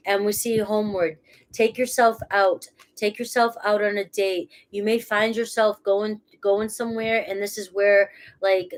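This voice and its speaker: A woman with a cold, a tarot reader who gives a casual, rambling reading and laughs at herself as she talks. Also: medium pitch. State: has a cold.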